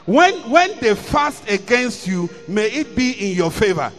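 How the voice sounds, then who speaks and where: A man's voice: high-pitched, expressive, moderate pace, hardly any pauses, a bit bright, big-room sound, soft background music. A man preaching a sermon, reading scripture and repeating key lines with rising emphasis.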